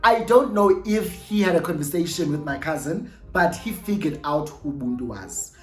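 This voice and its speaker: A young South African woman tells a story in a lowish voice, slipping between English and Xhosa and often repeating herself. Her voice echoes around a bare room, with soft music playing faintly behind her. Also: normal speed. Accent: South African, mixing in Xhosa. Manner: animated, code-switching between English and Xhosa, repeats "no, no, no" and "yabo". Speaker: storytime vlogger. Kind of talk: casual storytelling.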